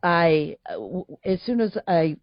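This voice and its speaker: A woman's voice: lowish voice, takes it slowly, dry recording, muffled recording. Chatty woman from Boston, dry sound. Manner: chatty, laughing, with many restarts. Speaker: voice actor guest. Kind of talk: casual interview chat.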